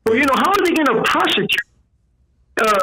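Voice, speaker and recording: A man's voice: extremely high pitch, expressive, fairly quick. A man answering an interviewer's questions in an indignant, complaining way. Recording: echoey clip with crowd noise.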